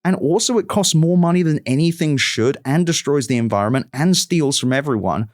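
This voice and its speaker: A man's voice: a little high, animated, fairly quick, no room sound, clean studio sound. A man with a mixed West London and American accent, talking as a guest in a casual chat, swearing freely and ranting with exasperation. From England. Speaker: podcast guest.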